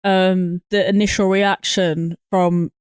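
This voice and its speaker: A woman's voice: fairly low pitch, level tone, takes it slowly, smooth, no echo. A woman co-hosting a casual movie review podcast, incredulous and mocking, swearing at the film's logic. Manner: incredulous, swears, mocks the film. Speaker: podcast co-host.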